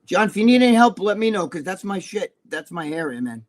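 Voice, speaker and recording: An older co-host with a New Jersey accent tells rambling, profane stories on a casual livestream chat. His voice sits high, sing-song and fairly quick.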